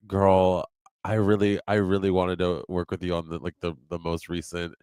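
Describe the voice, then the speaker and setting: A man's voice: sits low, level tone, a little slow, darkish tone, clean tone, no echo, studio quality. A man who is a guest musician, chatting casually and rambling with fillers. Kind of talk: casual chat.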